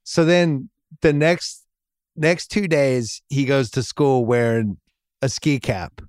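Taking it slowly in a mid-range voice, a middle-aged podcast host tells a meandering family anecdote, restarting often and laughing at his own jokes in casual chat. The close studio recording is dry, with no echo or room sound.

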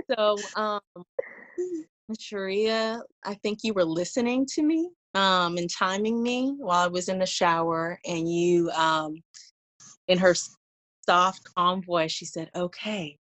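A young woman telling her birth story in a casual conversation, animated and laughing, acting out her own past lines. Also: lowish voice, slow pace, pauses often.

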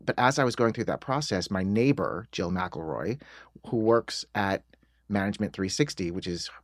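Interview guest: middle-aged American man, low voice, dry close sound, animated self-mocking storyteller. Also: normal speed, no echo. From United States. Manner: self-deprecating, animated, laughs while telling stories. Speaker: screenwriter guest.

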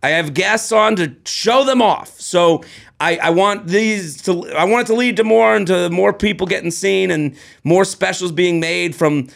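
A man in his thirties, a comedian co-hosting a podcast, chatting in a rambling, excitable way with lots of restarts. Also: sits high, unhurried, vocal fry. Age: 30s. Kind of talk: casual chat.

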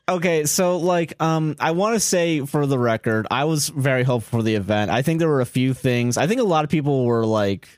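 A man's voice: mid-range voice, fairly quick, no echo, clean studio sound. A man co-hosting a podcast in casual chat, laid-back, swearing often and filling with "like". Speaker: podcast co-host.

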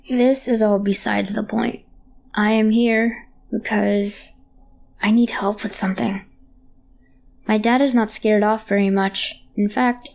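A woman narrating a first-person horror story in a halting, hushed, childlike way. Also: medium pitch, gravelly.

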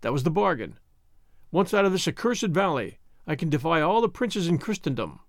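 Brigand: rough, distrustful prisoner, storybook reading by a male narrator, lively pitch. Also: a little fast, no room sound, clean studio sound. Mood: gruff. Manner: eager and distrustful.

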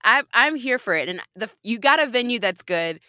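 Bright, upbeat woman podcast host. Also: on the high side, animated, normal speed, no room sound, studio quality. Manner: upbeat, encouraging, playful. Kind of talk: casual chat.

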